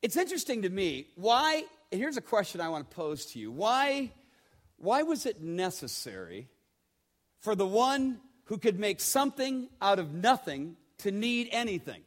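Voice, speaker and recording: Male pastor, sermon, high voice, conversational, repeats words, questions to listeners. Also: very animated, unhurried.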